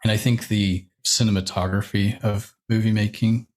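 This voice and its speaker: A man's voice: fairly low pitch, little pitch movement, normal speed, darkish tone. A young man, a church media director, talking casually as a podcast guest, rambling with fillers and light laughs. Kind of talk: casual interview chat.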